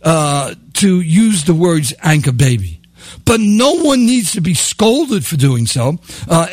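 A man's voice: high-pitched, no echo, studio quality. An older American man hosting a call-in talk radio show, delivering a sarcastic monologue full of chuckles and wry asides. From United States.

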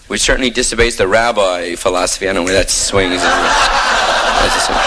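A man doing a stand-up monologue, talking in hip slang and riffing with sudden jumps in pitch. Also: noisy background. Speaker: stand-up comedian.

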